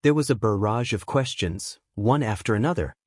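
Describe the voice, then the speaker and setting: A man's voice: lowish voice, lively intonation, normal speed, no room sound. Man narrating a story, dry close sound. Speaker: fanfiction narrator.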